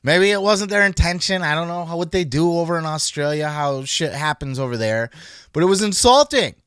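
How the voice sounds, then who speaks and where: A man hosting a wrestling podcast, talking in a blunt, animated way and swearing a lot. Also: a little high, a little fast, clear, resonant tone, dry recording, studio quality. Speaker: podcast host. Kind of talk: casual profane commentary.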